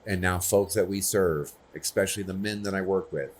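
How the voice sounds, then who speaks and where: A man's voice: low voice, fairly even intonation, brisk, slight background noise. A man speaking earnestly and personally at a conference, often checking in with the audience. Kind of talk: conversational conference talk.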